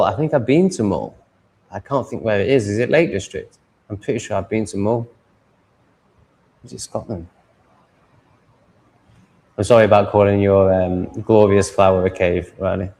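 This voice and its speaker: A man's voice: on the low side, normal speed, pauses often, a little mellow. A man hosting a casual livestream, rambling and reading viewer comments aloud before answering them.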